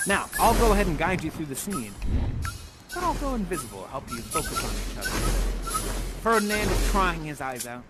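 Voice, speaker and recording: A man directs players through an improvised scene in a playful, theatrical manner. His voice is high and extremely animated, swooping up and down. Music plays in the background. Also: a little fast. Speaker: drama game leader.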